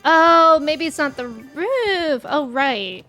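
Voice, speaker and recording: A young woman streaming a game live, chatting to her viewers, excitable and quick to shriek or laugh when startled. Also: high-pitched. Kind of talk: live gameplay commentary. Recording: game music playing underneath. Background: faint game music.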